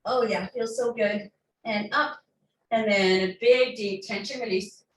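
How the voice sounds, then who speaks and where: A woman's voice: medium pitch, steady tone, measured pace, slight background noise. A woman fitness instructor talking a class through stretches and breathing, with encouraging cues and playful asides. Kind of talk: guided workout cues. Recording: echoey room, mic far off.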